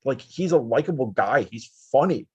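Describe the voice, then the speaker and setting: A man's voice: medium pitch, expressive, normal speed, a little mellow, husky, no echo, muffled recording. A man who used to cover sports, chatting casually and rambling with lots of fillers. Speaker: podcast guest, former sports reporter.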